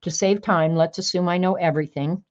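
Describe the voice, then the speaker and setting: A woman's voice: fairly low pitch, steady tone, brisk, darkish tone. A woman reading sassy one-liners aloud to her viewers in a casual, chatty way, with small laughs in between. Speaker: crafter sharing sayings on video. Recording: dull, lo-fi home video sound.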